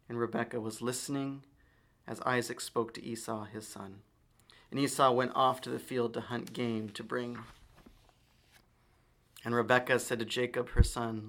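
Man reading scripture, measured. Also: medium pitch, little pitch movement, a bit bright. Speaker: reader.

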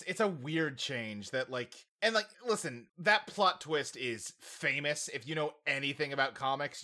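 A man co-hosting a podcast in casual chat, animated and jokey, often laughing and slipping into silly voices. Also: a little high. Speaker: podcast co-host.

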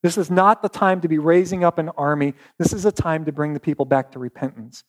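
A man's voice: a little high, fairly even intonation, a little fast, natural voice. A man voicing a frustrated prophet who pleads with a king in urgent, incredulous tones. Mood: exasperated.

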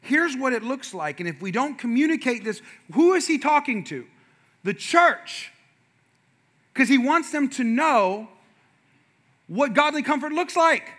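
Speaking at a measured pace with long pauses, a middle-aged pastor uses a very high voice to preach. His sermon is lively and funny, full of stories told straight to the congregation.

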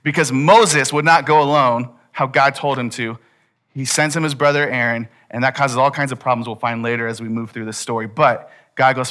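Lively, bright-voiced man preaching. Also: medium pitch, moderate pace. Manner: animated storytelling, acts out quotes. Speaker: pastor. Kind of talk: sermon.

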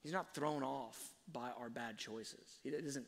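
A man giving a sermon-like talk on faith and parenting, telling stories slowly and reflectively, with fillers and restarts. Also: mid-range voice, lively intonation. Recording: long hall reverb.

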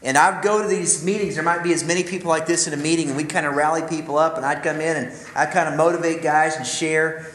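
An earnest man tells a personal story to a room full of men, confiding and direct. His voice sits a little high. The room adds a noticeable echo. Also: steady tone, fast talker, hardly any pauses, fairly bright tone. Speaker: ministry speaker. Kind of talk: personal storytelling talk to a men's audience.

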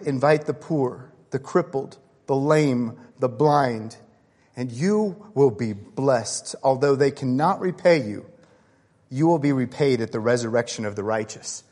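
Middle-aged pastor guy preaching earnestly, voice a bit high, lots of hall echo. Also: a little mellow. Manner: earnest, personal storytelling with scripture reading. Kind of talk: sermon.

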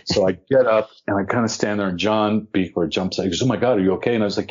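An older man with a lowish voice spins a showbiz anecdote with relish, playing the other people in it and poking fun at himself. The audio is dull and lo-fi. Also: fast. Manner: animated, acts out quoted voices, self-deprecating. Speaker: podcast guest, actor. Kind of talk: anecdotal storytelling.

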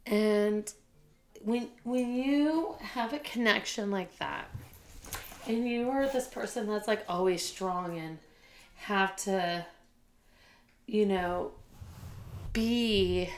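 Gravelly-voiced woman telling a heartfelt story. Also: medium pitch, takes it slowly, long pauses. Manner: candid, heartfelt, tearful at times, many fillers. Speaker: school teacher and administrator. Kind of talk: emotional personal storytelling.

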